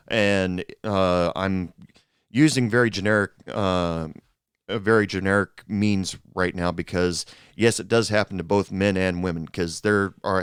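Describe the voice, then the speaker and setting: A man with a lowish, smooth, clear voice tells stories from his bartending days in a loose, rambling way. He stops and restarts often and leans on fillers. The sound is close and dry, with no room around it. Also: no room sound. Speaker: podcast host, former bartender. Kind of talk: casual storytelling monologue.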